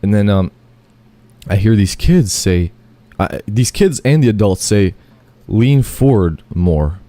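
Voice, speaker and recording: A man's voice: on the low side, expressive, a little slow, mellow, no echo. A man telling a long, rambling first-person story, full of fillers, self-corrections and casual swearing.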